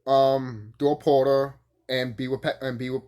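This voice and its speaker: A man giving a casual, profane, rambling review, full of fillers and bursts of laughter. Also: moderate pace. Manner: animated, jumps high when excited. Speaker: YouTube reviewer.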